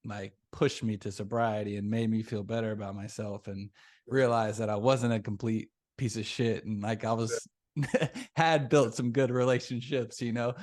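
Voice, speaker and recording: A man hosting a podcast, chatting casually and sharing his own recovery story in a relaxed way. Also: fairly low pitch, moderate pace. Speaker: podcast host. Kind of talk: casual interview chat.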